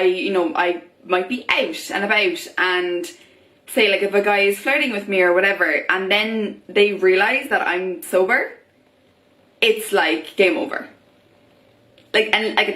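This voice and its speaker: A woman's voice: medium pitch, bright, forceful tone. Chatty young woman in an echoey room. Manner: chatty, many fillers, acts out quoted voices. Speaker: vlogger. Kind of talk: casual talk to camera.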